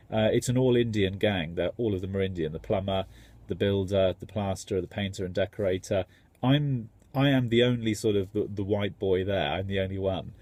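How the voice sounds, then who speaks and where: A man's voice: lowish voice, darkish tone, no echo. A man, a tradesman, rambling enthusiastically in a casual vlog. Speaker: tradesman contractor.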